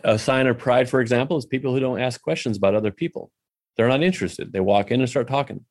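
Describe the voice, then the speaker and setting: A man's voice: mid-range voice, quick pace. A man telling a personal faith story in a casual, candid way, poking fun at himself and dropping in lots of "you know" asides.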